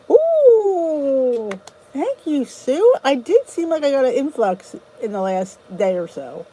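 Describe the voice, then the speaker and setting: A woman with a high-sitting, dark-toned voice and huge pitch swings hosts a casual livestream at normal speed. She rambles through viewer comments, greeting people by name and restarting often, and the recording is rough.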